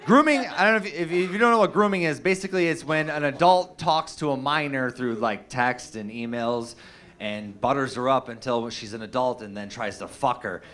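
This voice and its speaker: A man's voice: mid-range voice, normal speed, fairly bright tone. A young adult man doing a stand-up comedy set, telling stories in a loose, profane way with lots of fillers and restarts. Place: comedy stage with a live audience.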